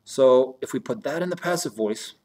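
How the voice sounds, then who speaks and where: In a mid-range, mellow voice at normal speed, a man gives an animated recorded German grammar lesson. He calls his students "you guys" and moves methodically between German and English phrases.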